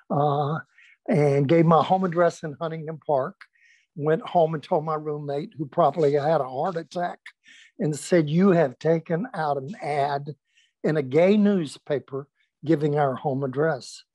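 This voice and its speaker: A man's voice: on the high side, no room sound. An older man, a pastor, telling stories from his past in a conversation, acting out the voices of the people he quotes, with many fillers and restarts. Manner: animated anecdotal storyteller, acts out quoted voices, with fillers and restarts. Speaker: pastor recounting his history. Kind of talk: storytelling in a recorded conversation.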